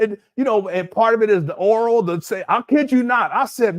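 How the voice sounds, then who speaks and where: A man's voice: sits high, a little fast, few pauses. A man giving rambling, incredulous commentary on a livestream, talking to his chat from a desk mic at home. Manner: animated, incredulous, rambling with restarts.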